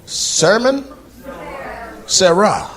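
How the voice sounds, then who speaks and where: A man doing stand-up crowd work on a club stage, teasing audience members with brash remarks that rise to loud shouts. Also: high-pitched, expressive, extremely slow, poor audio. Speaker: stand-up comedian. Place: comedy club stage before a live audience. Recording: live club recording with crowd noise. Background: audience laughter and crowd noise.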